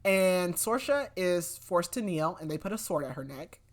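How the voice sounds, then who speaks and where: A woman's voice: fairly low pitch, animated, moderate pace. A young adult woman hosting a podcast, casually retelling a book's plot with lots of "like" fillers and loose quoted lines. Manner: chatty, many "like" fillers, acts out quotes loosely. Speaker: podcast host. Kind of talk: casual book recap.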